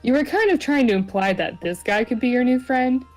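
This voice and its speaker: A woman's voice: a little high, animated, a little fast, faint music behind. A woman hosting a visual novel playthrough, reading the text aloud in a giggly, rambling way. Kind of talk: casual gaming chat with narration.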